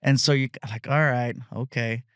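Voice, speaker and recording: A middle-aged man, a comedian guest on a podcast, telling stories in relaxed chat and slipping into voices of the people he describes. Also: medium pitch, moderate pace, smooth, no echo, studio quality. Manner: storytelling, many fillers and restarts, mimics other people. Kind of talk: casual interview chat.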